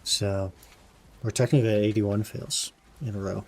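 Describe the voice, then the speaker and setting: Brief: young male streamer, slightly low voice, relaxed chatty banter while grinding a game. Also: moderate pace, creaky, slightly rough. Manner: laid-back, says "man" often, answers chat. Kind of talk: casual live-stream chat while gaming.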